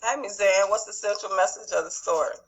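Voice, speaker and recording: A woman's voice: medium pitch, brisk, slightly rough, muffled recording. A woman teaching over a video call, reviewing a quiz and calling on students by name in an encouraging way. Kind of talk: online class quiz review.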